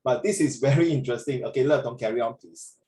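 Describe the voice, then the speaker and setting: A man's voice: medium pitch, fast, mellow. A man with a Singaporean accent, tutoring a class over a video call, chatty and mixing in Mandarin. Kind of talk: online class feedback. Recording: echoey room.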